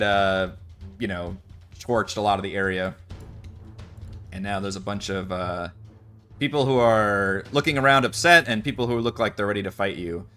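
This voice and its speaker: A man's voice: fairly low pitch, pushed and bright. A man narrating a tabletop role-playing game as dungeon master, in a casual, chatty way with plenty of fillers.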